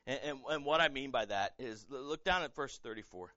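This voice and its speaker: A man's voice: mid-range voice, animated, fairly quick, no room sound. Male pastor, fervent stumbling delivery, brassy edge, dry and a little dull on the mic. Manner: impassioned, repeats words and restarts, rising to near-shouting. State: emotionally raw. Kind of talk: sermon.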